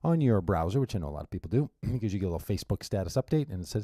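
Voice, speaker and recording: A man's voice: sits low, big pitch swings, racing, hardly any pauses, warm tone, dry recording. A man hosting his radio show alone, chatting casually and rambling with wry asides and restarts into a studio mic. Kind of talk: casual solo radio monologue.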